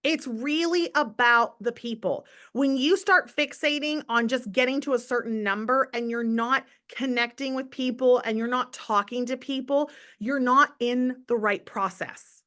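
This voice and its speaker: Upbeat bright-voiced woman motivating her team. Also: on the high side, a little slow, hardly any pauses. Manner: upbeat and enthusiastic, chatting to viewers in comments; emphatic repetition for motivation. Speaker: network marketing team leader. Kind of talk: live motivational morning call.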